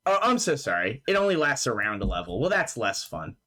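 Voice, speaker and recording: A man's voice: medium pitch, sing-song, a little fast, pushed and bright. A man running a tabletop game as game master, narrating in a loose, casual way, laughing, swearing freely and filling his talk with "like" over an online voice chat mic.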